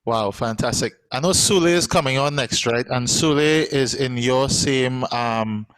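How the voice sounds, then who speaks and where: A man's voice: mid-range voice, normal speed, fairly bright tone, dry recording, low-quality recording. A man hosting a live online show, chatty and encouraging, with a lot of "you know" and "um". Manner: chatty and encouraging, many fillers. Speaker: host.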